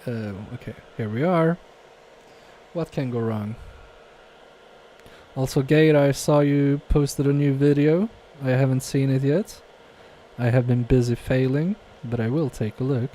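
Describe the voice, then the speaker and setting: On a live stream from his home workbench, a man with a mid-range, mellow, darker voice talks unhurriedly at a measured pace while soldering. A repair technician, he reads viewer comments aloud, mutters to himself and jokes about his own mistakes, with a faint hiss beneath his voice.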